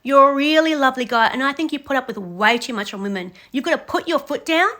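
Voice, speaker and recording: A woman's voice: sits high, fast, bright, forceful tone. A young adult woman giving blunt, scolding reality show commentary, speaking straight to a contestant. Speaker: reaction commentator.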